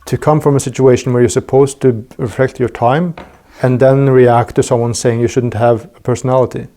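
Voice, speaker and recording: A man's voice: mid-range voice, flat delivery, brisk, warm tone. A man hosting a podcast interview, talking casually and thinking aloud with frequent restarts and fillers. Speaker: podcast host.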